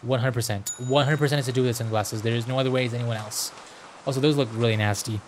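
A man's voice: medium pitch, fairly even intonation, fast talker, background noise. A young man rambling goofily while playing a game, inventing silly words and chatting to characters. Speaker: gaming video host. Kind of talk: let's play commentary. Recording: rain and ambience behind. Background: game rain sounds.

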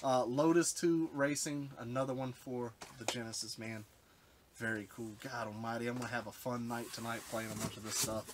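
In a medium-pitched, steady voice at a moderate pace, a retro game collector unboxes games on his vlog. He sounds overwhelmed and choked up, often trailing off mid-sentence, against background hiss and clicks.

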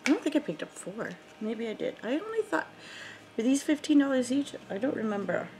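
A woman's voice: sits high, very animated, brisk, mellow, a little hiss or hum. A woman beauty vlogger chatting casually while unboxing, thinking aloud with lots of ums.

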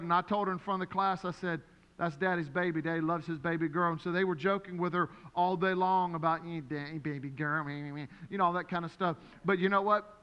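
A man preaching a sermon as pastor, telling stories in an animated way and acting out the voices of the people in them. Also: high voice, clear, resonant tone, lo-fi sound. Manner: animated, storytelling with acted-out voices. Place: church sanctuary. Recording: long hall reverb.

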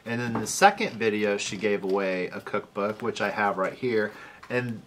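A man's voice: fairly low pitch, expressive, moderate pace, a bit bright. Guy cohost, laughy show-and-tell of his stitching stuff, faint hiss behind. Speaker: co-host. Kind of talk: casual chat.

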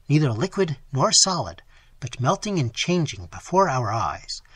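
A man reading a gothic novel aloud in a dramatic, expressive style, his voice strained from long sessions. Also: medium pitch, slightly rough, no echo. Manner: dramatic, animated storytelling. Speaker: audiobook narrator.

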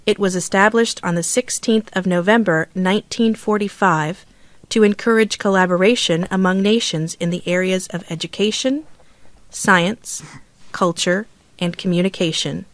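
A woman reading vocabulary words, practice sentences and a passage clearly and deliberately for learners. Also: mid-range voice, no echo. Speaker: textbook audio reader.

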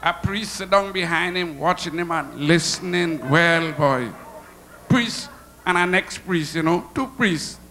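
A man with a Trinidadian accent telling stand-up jokes on stage, animated and laughing at his own punchlines. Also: sits high, unhurried, a little hiss or hum. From Trinidad and Tobago. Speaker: stand-up comedian. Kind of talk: stand-up comedy storytelling. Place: comedy show stage.

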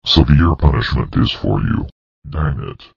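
A male text-to-speech voice playing a furious purple dinosaur scolding the user, with a flat robotic delivery. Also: a little slow, no echo, dull audio, full character voice. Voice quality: very deep, gravelly synthetic voice.

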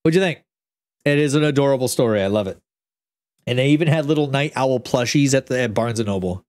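A man's voice: medium pitch, animated, fast talker, darkish tone, no room sound. A young man streaming, chatting casually and reading a kids' book aloud, rambling with restarts, close to the mic.

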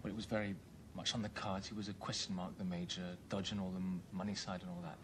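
An actor playing an apologetic young grandson who rambles hesitantly. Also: male voice, low voice, little pitch movement, fast, background noise, natural voice. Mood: worried. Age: young adult.

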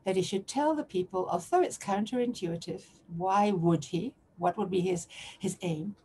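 A woman's voice: mid-range voice, normal speed, warm tone, a little hiss or hum. Questioning woman giving an online lecture. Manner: searching, questioning, many restarts. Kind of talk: lecture on biblical text. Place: online lecture to remote audience.

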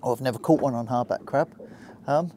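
A Hampshire angler vlogs from a small boat, giving a relaxed play-by-play and talking to the fish and his viewers along the way. He speaks a little fast in a warm, mid-range voice, over slight background noise.

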